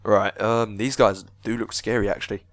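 A man's voice: fairly low pitch, level tone, normal speed, no echo. A young man giving casual, sweary let's-play commentary, chatting and joking as he reacts to the game. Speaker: gaming video host.

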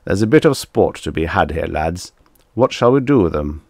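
A man's voice: low voice, big pitch swings, normal speed, a little mellow, dry recording, clean studio sound, exaggerated voice. A man voicing a boastful, warlike alien male ruler who hoots and blusters in a storybook reading. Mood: bullying. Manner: hooting, blustering, bellowing.

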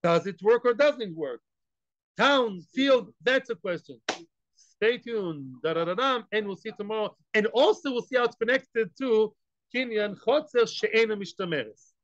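A man teaching a daily Talmud class, animated, asking rhetorical questions and acting out the case. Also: high voice, moderate pace, no echo, dull audio.

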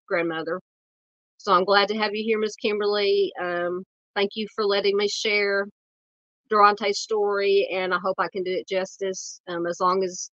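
Southern woman streamer with a cold, nasal and scratchy, earnest and halting, dull lo-fi laptop sound. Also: medium pitch, a bit bright, no room sound. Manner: earnest, halting, many fillers, greets chat by name. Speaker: true crime livestream host. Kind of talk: casual livestream talk.

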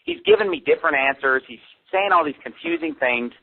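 A pastor as a radio interview guest, telling a story in an animated way and quoting the people he met. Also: on the high side, brisk, vocal fry. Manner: animated storytelling with quoted dialogue. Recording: tinny phone line.

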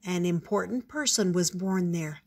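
A woman voicing a wise, patient male owl in a storybook reading, calm and explaining. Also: fairly low pitch, unhurried, slightly rough. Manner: calm, explaining, a little stern.

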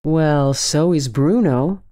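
A woman voicing a patient, gentle mother in a storybook reading, calm and reasoning. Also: low-pitched, slow.

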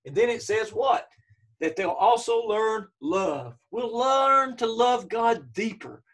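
A man's voice: high voice, big pitch swings, slow pace, a bit bright, distant mic. A man teaching a church Bible study lesson, emphatic, repeating key phrases and checking in with his listeners.

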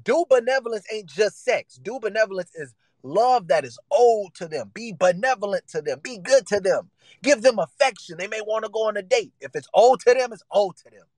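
Man preaching, lively swinging pitch, emphatic, casual vernacular, dry close sound. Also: a little fast, no echo, poor audio. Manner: animated, emphatic preaching in casual vernacular, acting out quoted voices. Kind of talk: sermon.

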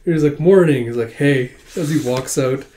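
A man's voice: medium pitch, fairly even intonation, moderate pace, darkish tone. Chatty man recapping a manga. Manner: chatty, laughs often, reads dialogue with "he's like". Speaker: manga reader. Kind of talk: casual manga readthrough.

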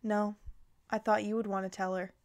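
A woman's voice: mid-range voice, flat delivery, moderate pace, dry recording, studio quality, close to an everyday voice. A woman reading the lines of Santa, an earnest, worried father and uncle, in a plain, sincere voice.

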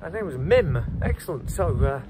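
A man chatting casually as he vlogs on a campus, excitable, often saying "man" and "folks". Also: fairly high pitch, moderate pace. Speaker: vlogger. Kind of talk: casual vlog chat. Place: outdoors on a university campus. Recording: noisy outdoor recording.

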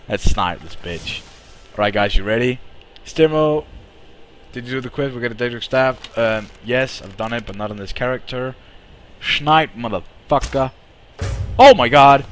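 Excitable swearing young male game streamer. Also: medium pitch, normal speed, slight background noise. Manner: excitable, swears a lot, talks to chat. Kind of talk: live gameplay commentary.

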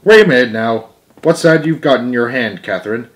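A man reading a storybook aloud, voicing a small, earnest mouse who acts as a solemn, fair-minded teacher, in a lively, emphatic voice. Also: a little fast, lightly acted. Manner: lively, emphatic, higher and louder than his narration.

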